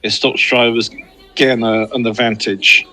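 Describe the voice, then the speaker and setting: A man co-hosting a live race stream, making slow, drawn-out casual remarks. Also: mid-range voice, level tone, sharp tone, poor audio. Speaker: co-host. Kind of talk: casual race-watching chat.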